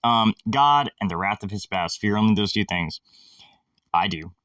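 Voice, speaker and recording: A man's voice: fairly low pitch, expressive, normal speed, a bit bright, dry recording, clean studio sound, far from the mic. A man hosting a casual monologue, rambling, sarcastic and irreverent, swearing freely.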